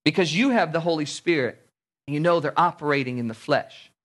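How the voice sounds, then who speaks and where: A man preaching a sermon, animated, acting out little everyday scenes in different voices. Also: fairly high pitch, a little fast. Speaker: pastor.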